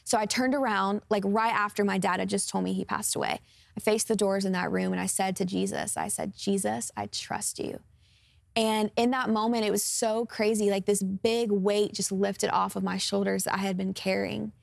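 A little fast and with fairly even intonation, a twenty-ish guest singer's medium-pitched, vocal-fry voice tells her personal testimony in an interview. She speaks earnestly and openly, often saying "um" and "like," in clean studio sound with no room sound.

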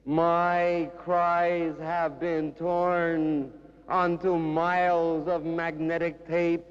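A man's voice: high-pitched, clear, resonant tone. A man giving an emphatic, declaimed poetry reading with sudden raised cries, at a public event in a large concert hall. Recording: lo-fi 1960s hall recording with long reverb.

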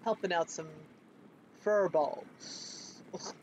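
A man's voice: high voice, steady tone, takes it slowly, slight background noise. A man chatting casually with self-mocking asides while playing a game on stream. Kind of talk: casual gameplay commentary.

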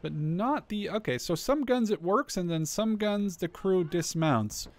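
A man commentating on a strategy game as he plays, chatty and thinking aloud, with quick startled exclamations. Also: high voice, lively intonation, no echo. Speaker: gameplay commentator. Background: gunfire and artillery from the game.

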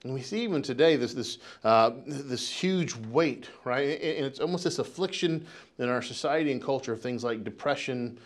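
A man's voice: medium pitch, lively intonation, normal speed. A middle-aged American man preaching a sermon as pastor, talking in a loose, conversational way with lots of restarts and "right?" tags. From United States.

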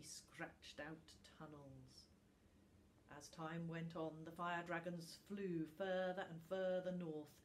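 Slow, gentle woman reading a bedtime story. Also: on the low side, a little hiss or hum. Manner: calm, gentle storytelling with dramatic pauses. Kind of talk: bedtime story read-aloud.

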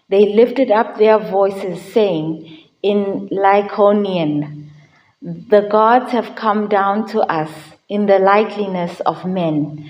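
A woman reads scripture aloud as lector during a Mass in a chapel. Her delivery is slow and measured, with a mid-range voice and the odd small slip. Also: mid-range voice, darkish tone, rough recording. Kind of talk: liturgical scripture reading.

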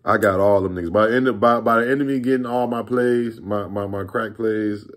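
Low-voiced virginia dude rambling a storytime, laid-back, swears a lot. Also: male voice, steady tone, fairly quick. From Virginia, USA. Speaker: vlogger telling a story. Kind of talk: casual storytime vlog.

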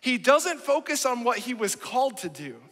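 A man's voice: extremely high pitch, sing-song, normal speed, fairly bright tone. A man preaching a sermon in church, speaking emphatically and often checking in with the congregation. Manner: emphatic, keeps asking the congregation "right?". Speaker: pastor. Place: church sanctuary. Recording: long church hall reverb.

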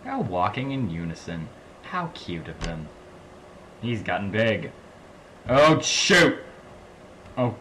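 A man from the American South giving excitable let's-play commentary, swinging between low mumbles and loud laughing outbursts. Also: noisy background. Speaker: gaming channel host.

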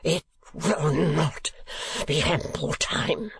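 A man reading aloud, voicing a drunken, furious nobleman with a thick, hoarse voice that rises high and breaks into rasping whispers. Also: extremely slow, fairly bright tone, no room sound, heavily acted. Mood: enraged.

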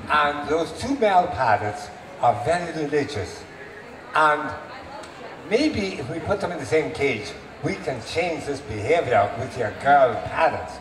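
A man's voice: fairly high pitch, animated, measured pace, pitched below the performer's own voice. A man doing a kindly reassuring priest. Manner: soothing, reassuring. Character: kindly parish priest, calm middle-aged man. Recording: echoey open air from far mic, noisy.

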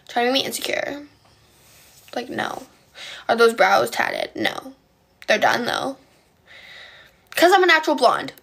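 A young Polish woman with a slightly high, creaky, fairly bright voice chats on a phone live stream. She answers viewer comments with a valley-girl way of talking and stutters often.

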